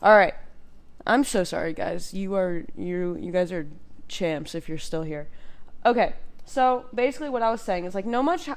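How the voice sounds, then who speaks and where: A woman's voice: on the low side, moderate pace, a little mellow. A young woman hosting a casual self-help podcast, chatty and encouraging, full of "like" and "you know," speaking straight to her listeners. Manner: encouraging, direct address to listeners. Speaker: podcast host; cycling instructor.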